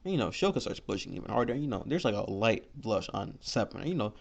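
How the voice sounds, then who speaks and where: A man's voice: on the low side, sing-song, quick pace, vocal fry, slightly rough. A man telling an improvised fan story in a rambling, filler-heavy way. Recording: lo-fi dull recording.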